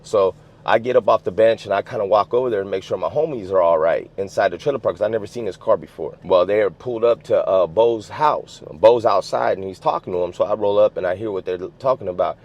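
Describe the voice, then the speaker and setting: A man's voice: fairly low pitch, quick pace, darkish tone. A man from the US West Coast telling a story in casual, streetwise slang, swearing freely and filling with "you know what I'm saying". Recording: dull lo-fi sound.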